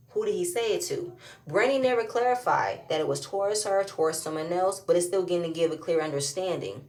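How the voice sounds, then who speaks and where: Opinionated woman recapping a reality show. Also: lowish voice. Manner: opinionated, rising to emphatic outbursts. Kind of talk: casual recap commentary.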